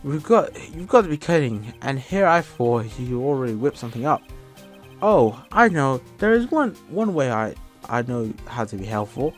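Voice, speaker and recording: A man voicing an eager, goofy male police detective in a game, talking loud and excitable. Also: mid-range voice, normal speed, faint music behind, natural voice. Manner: loud, excitable, keeps saying "pal".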